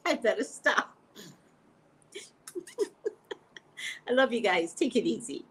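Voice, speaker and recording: A woman hosting a casual psychic livestream, talking straight to her viewers in an animated way and laughing often, on a webcam mic at home. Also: fairly high pitch, moderate pace, slightly rough.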